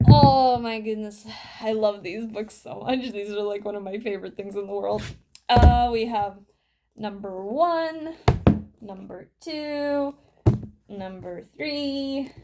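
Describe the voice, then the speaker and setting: A woman's voice: a little high, darkish tone. A woman talking casually to her camera at home, chatty and rambling, swearing freely as she shows off her books. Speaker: vlogger. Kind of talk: casual show-and-tell vlog.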